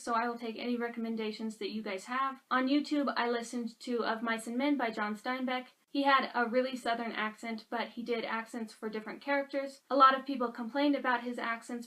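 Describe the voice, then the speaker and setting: A woman's voice: on the high side, fairly bright tone. A woman vlogger chatting casually through her monthly book reviews, frank and candid about what she liked and disliked.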